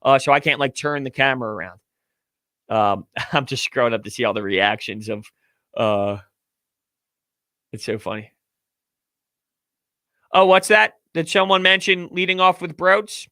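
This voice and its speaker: A man hosting a casual live-stream reaction, swinging from hushed awe to loud shouts. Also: medium pitch, lively intonation, a little slow, long pauses, dry recording, studio quality. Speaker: show host.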